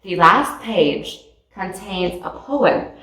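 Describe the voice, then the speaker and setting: A woman reading a picture book aloud with slow, expressive storytelling. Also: on the low side, far from the mic. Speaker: storybook reader. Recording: echoey room, voice off mic.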